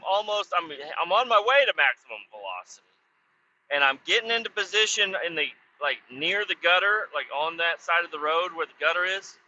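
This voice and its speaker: A man tells a rambling, foul-mouthed story outdoors beside a road, doubling back to fix his own details. His voice is somewhat high and strikingly bright and sharp, heard through a slightly muffled recording with faint road ambience behind him. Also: slight background noise. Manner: profane, meandering, self-correcting. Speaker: podcast host.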